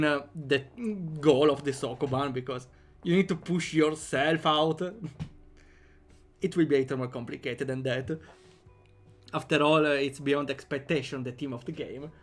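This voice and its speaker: Playful young Italian-accented streamer, slightly high voice. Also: male voice, fairly even intonation, measured pace, faint music behind. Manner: chatty and playful, laughs often, jokey asides. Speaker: game developer streamer. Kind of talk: casual livestream chat while programming.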